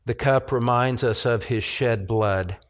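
A male pastor preaching in church, his voice at a middle pitch. He speaks in an earnest, measured way and rises into a plea at times. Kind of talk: Christmas Eve sermon and communion prayer.

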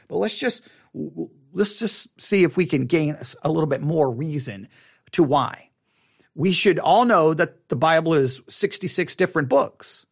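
Man, Bible study teacher, high voice, swooping intonation, casual and playful. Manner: animated, repeats phrases for emphasis, playful asides.

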